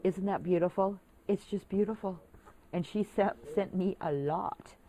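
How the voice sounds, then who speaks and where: A woman's voice: medium pitch, a little slow, dark tone, a little hiss or hum. A woman vlogging casually, chatty and gushing as she shows off craft supplies to her viewers. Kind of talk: casual show-and-tell vlog.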